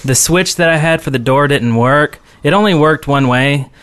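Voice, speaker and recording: A man's voice: a little high, normal speed, a bit bright, smooth, dry recording. A man co-hosting a casual podcast, laughing often and reading listener mail aloud. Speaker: podcast co-host. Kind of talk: casual chat.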